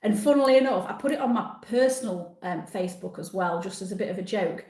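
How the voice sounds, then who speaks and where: A woman's voice: medium pitch, animated, fast, darkish tone, reverberant. A woman in her sixties hosting a live stream, reading viewer comments aloud and chatting back in a casual, self-deprecating way. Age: 60s.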